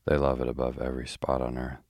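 A man voicing a gentle, wry middle-aged doctor's wife in a sleepy bedtime audiobook reading. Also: very deep voice, monotone, fast, dry recording, studio quality.

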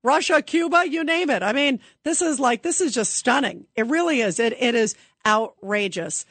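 A woman hosts a call-in radio show, her fairly high voice dry and close to the mic. She talks emphatically and with indignation, gushing over her callers. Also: lively intonation, normal speed, a bit bright, no room sound. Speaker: radio talk show host.

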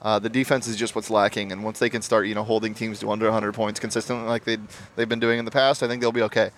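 A man hosting a casual sports betting show, recorded live at a pub, upbeat and quick with his plugs and sign-offs. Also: on the low side, level tone, a little hiss or hum.

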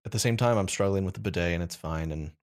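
A young man with a somewhat low voice co-hosts a casual comedy podcast. He rambles through his stories, stops and restarts mid-sentence, and keeps poking fun at himself. His delivery is loose and conversational. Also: fast talker, a little mellow. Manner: rambling, self-mocking, trailing restarts. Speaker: podcast co-host.

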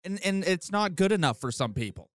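A man's voice: high-pitched, very animated, fairly quick, a bit bright, dry recording. A man co-hosting a casual sports podcast. He argues emphatically and repeats phrases for stress. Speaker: podcast co-host.

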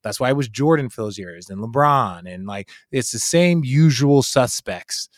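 A man hosting a casual sports chat, talking in an animated, emphatic way and swearing freely. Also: medium pitch, moderate pace, dry recording, studio quality.

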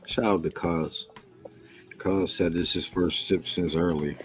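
A man's voice: low-pitched, steady tone, a little slow. A man co-hosting a podcast in casual chat, teasing his friends bluntly and with profanity. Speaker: podcast co-host.

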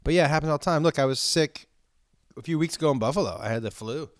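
A comedian telling stories in casual chat, swearing often and ranting with animation. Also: male voice, a little high, quick pace, dry recording, clean studio sound. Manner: profane, animated storytelling rants.

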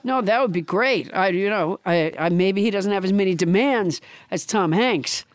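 A woman co-hosting a comedy podcast, talking in deadpan, rambling comic banter. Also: medium pitch, normal speed, crowd noise. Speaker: podcast co-host.

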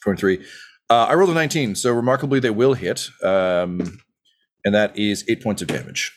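Relaxed low-voiced game master. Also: male voice, a little fast. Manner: relaxed and rambling, many fillers, laughs easily. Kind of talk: narrating a tabletop game.

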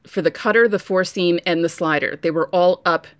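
A woman co-hosting a casual sports podcast, telling stories with lively asides. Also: fairly low pitch, moderate pace, no room sound. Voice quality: voice prone to going hoarse. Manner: chatty storyteller, lively asides. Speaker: podcast co-host.

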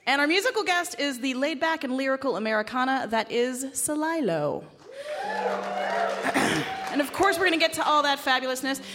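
A woman's voice: high-pitched, big pitch swings, moderate pace, a bit bright, a little hiss or hum. A woman hosting a live radio show on a theater stage, introducing guests with upbeat enthusiasm.

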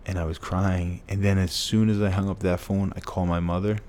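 A man's voice: low voice, flat delivery, a little fast, darkish tone, slight background noise. A man, a former pro football player, telling an interview story in an earnest, emotional way with lots of repetition.

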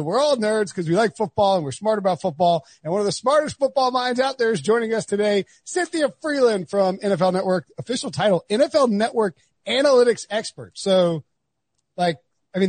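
A man's voice: high-pitched, no echo. A man from North Carolina hosting a podcast in casual, rambling chat with many restarts. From North Carolina, USA. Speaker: podcast host.

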